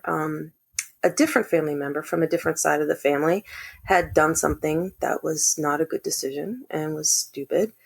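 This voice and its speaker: Gravelly-voiced woman telling a story. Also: deep voice. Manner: earnest, animated when quoting others. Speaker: podcast guest. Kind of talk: casual storytelling conversation.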